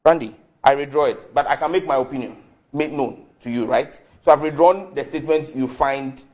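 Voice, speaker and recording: A man arguing hard in a heated live TV debate, emphatic and quick to interrupt. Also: medium pitch, a little mellow, dull audio. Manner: combative, emphatic, interrupts often. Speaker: member of parliament.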